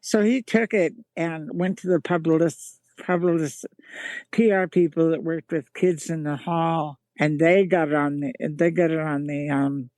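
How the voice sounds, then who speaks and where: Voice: mid-range voice, steady tone, measured pace, darkish tone, dry recording. A guest in a casual interview telling rambling anecdotes, with many restarts and laughs. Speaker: guest, magazine founder and band singer.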